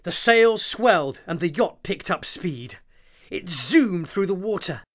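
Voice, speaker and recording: A narrator reading children's stories in an animated, expressive way. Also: medium pitch, unhurried. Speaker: audiobook narrator.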